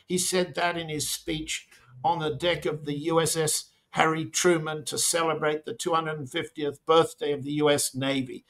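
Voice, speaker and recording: A man giving slow, deliberate political commentary as an interview guest, with pointed emphasis. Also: fairly high pitch, little pitch movement, a bit bright.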